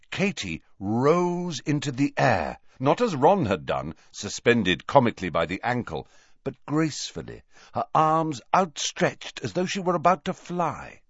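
Animated male audiobook narrator. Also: mid-range voice, breathy edge, dry recording, lo-fi sound. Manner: expressive storytelling, voicing characters. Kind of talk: scripted narration.

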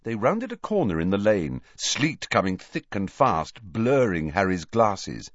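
A man reading a story aloud as an audiobook narrator, expressive and storytelling. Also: fairly low pitch, unhurried, dry recording, lo-fi sound. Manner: expressive storytelling, voicing characters. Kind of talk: scripted narration.

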